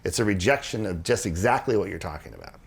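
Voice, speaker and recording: A man on a podcast, explaining ideas earnestly in casual conversation and acting out quoted dialogue as he goes. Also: quick pace. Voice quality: low gravelly voice, husky. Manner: earnest, animated storytelling with restarts and quoted dialogue. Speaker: podcast co-host explaining religious history.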